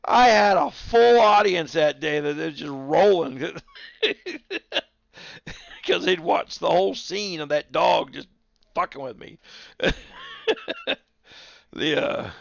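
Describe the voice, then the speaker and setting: Gravelly-voiced man chatting on stream. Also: fairly high pitch, expressive, slow, pauses often, dry recording, muffled recording. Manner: rambling storyteller, chuckling, talks to his dogs. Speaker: livestreamer. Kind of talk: casual stream chat.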